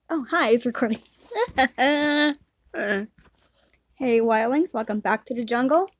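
A woman's voice: a little high, slow, pauses often, no room sound. A young woman hosting a reaction video, chatting casually with a giggly manner.

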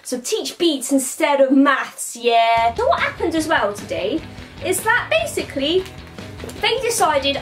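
High-voiced slangy woman. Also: big pitch swings, moderate pace, music in the background. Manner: slangy, rambling, ends lines with 'mate' and 'yeah?'. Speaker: vlogger playing a comic persona. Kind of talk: comic character monologue.

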